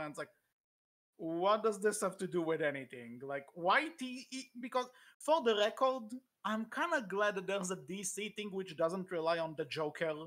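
A podcast co-host in casual chat, talking in halting bursts full of fillers and restarts. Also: mid-range voice, a bit bright.

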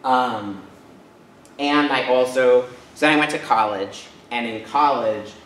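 A man's voice: mid-range voice, unhurried, fairly bright tone, slight background noise. Man from Rhode Island, guest speaker, casual chatty talk, distant mic, echoey church hall. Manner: casual, chatty, many fillers and tag questions. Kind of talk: personal talk to an audience.

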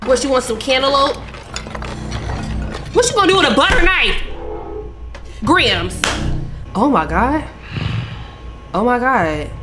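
A young woman reacting to a movie with loud, animated commentary, often yelling at the screen. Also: high voice, takes it slowly, long pauses, over music. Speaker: YouTuber reacting to a film. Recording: film soundtrack playing behind.

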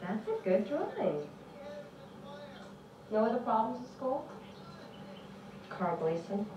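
An actress playing a gentle, caring mother who speaks in a motherly way. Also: a little high, wildly swooping pitch, takes it slowly, distant mic, background noise, exaggerated voice. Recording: dull roomy TV soundtrack, music behind.

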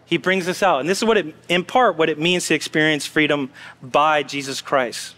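In a church sanctuary with a long, ringing reverb, a pastor with a high voice gives his sermon at a moderate pace. His style is relaxed and anecdotal, punctuated by asides to the congregation.

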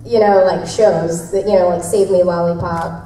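A voice actress telling convention fans behind-the-scenes stories in a giggly, rambling way. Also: female voice, lowish voice, steady tone, normal speed, mellow. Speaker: voice actress answering fan questions. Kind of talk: casual convention Q&A. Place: convention panel room. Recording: echoey room from far off, faint noise.

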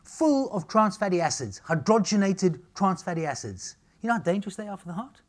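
A middle-aged nutritionist gives a talk at a live seminar in brash, punchy bursts, cracking jokes and often checking with the audience with "all right?" or "okay?" before moving on. His voice sits high, swings widely in pitch, and moves fairly quickly.

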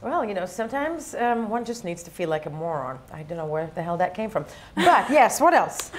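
A woman's voice: medium pitch, sing-song, a little fast. A woman from New York co-hosting a casual news show, wry and teasing. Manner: wry, teasing, laughs easily. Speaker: news co-host.

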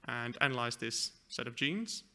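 A man presents at an academic conference. His voice is very bright and sharp. He explains a live demo at an even pitch, with the odd "uh" and restart. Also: normal speed. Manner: explains a live software demo, with fillers and self-corrections. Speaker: conference speaker. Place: conference hall.

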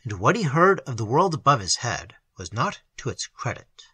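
A man narrating a fantasy short story in a dramatic, expressive reading. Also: mid-range voice, moderate pace, breathy edge, no room sound.

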